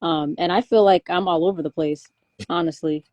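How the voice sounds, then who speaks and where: A young woman talks frankly in a relaxed conversation, circling her thoughts with restarts and fillers. Her voice sits a bit low and sounds warm and mellow. The recording is dry and close. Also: moderate pace, no room sound. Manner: candid, rambling with many restarts and fillers. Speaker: guest. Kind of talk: casual conversation.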